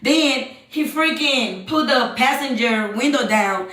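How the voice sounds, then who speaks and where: A young woman hosts a live stream, telling a dramatic story in an animated, profane way and addressing her chat again and again. Her voice sits high and sounds bright and sharp. The room adds a noticeable echo. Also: takes it slowly. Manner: animated, swears freely, keeps addressing the chat. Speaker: livestream host.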